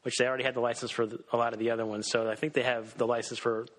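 A man co-hosting a podcast in casual chat, talking excitedly with many restarts. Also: medium pitch, racing, low-quality recording. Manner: excitable, lots of fillers and restarts. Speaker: podcast co-host.

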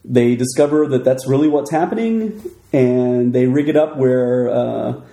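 A man co-hosting a casual podcast, recapping a TV episode in a relaxed, hesitant way with many fillers. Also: mid-range voice, measured pace, creaky. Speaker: podcast co-host. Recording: echoey room.

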